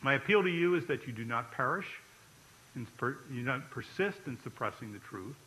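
Lively, forceful man preaching a sermon. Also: medium pitch, brisk, low-quality recording. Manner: emphatic preaching, checks in with listeners by asking "okay?". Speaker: pastor.

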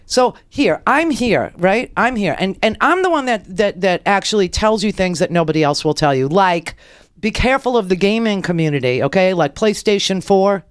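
A woman hosting a political talk radio show, delivering a rambling, animated monologue into a close studio mic and acting out the people she quotes. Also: mid-range voice, clear, resonant tone, no room sound.

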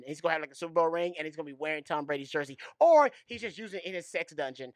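A man with a bright, forceful voice riffs playfully on a sports podcast. He sounds a bit higher than most men. The studio sound is dry and close. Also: fast talker, hardly any pauses, clear, resonant tone, dry recording. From Houston. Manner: animated, joking, playful. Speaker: podcast co-host. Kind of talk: casual sports talk.

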